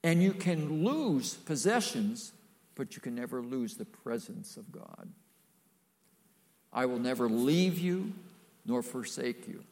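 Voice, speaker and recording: A man's voice: mid-range voice, very animated, slow, darkish tone. An older man preaching a sermon, folksy and emphatic, with playful asides to the congregation.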